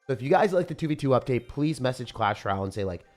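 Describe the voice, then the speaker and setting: A man with a rough morning voice giving casual live commentary on a game he is playing, chatting and reading viewer comments aloud. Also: mid-range voice, lively intonation, quick pace, darkish tone, soft background music. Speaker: game streamer.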